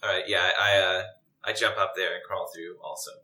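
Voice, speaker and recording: A man playing in a casual tabletop game, low-key and matter-of-fact. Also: fairly even intonation, fairly quick, pushed and bright. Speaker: player. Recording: roomy echo.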